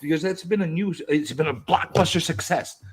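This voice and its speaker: A man in a casual group video chat, teasing the others with loud, rambling, playful bluster. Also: fairly high pitch, a little fast, husky. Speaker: community hangout regular.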